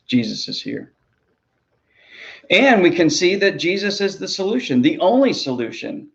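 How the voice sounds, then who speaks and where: A man's voice: high voice, big pitch swings, moderate pace, gravelly, lo-fi sound. A man, a ministry pastor, preaching a sermon in an earnest, conversational way, often repeating words as he goes.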